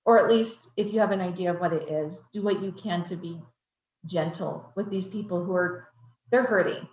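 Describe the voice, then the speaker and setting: A woman trainer telling a true story in an earnest, gentle presentation voice. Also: fairly low pitch, moderate pace, muffled recording, a little hiss or hum. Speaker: child advocacy trainer. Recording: roomy echo.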